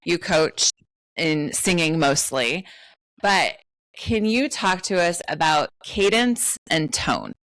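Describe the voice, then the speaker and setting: A woman's voice: low voice, a bit bright, no room sound, rough recording. A woman co-hosting a podcast, asking curious questions in casual chat, with lots of fillers. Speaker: podcast co-host.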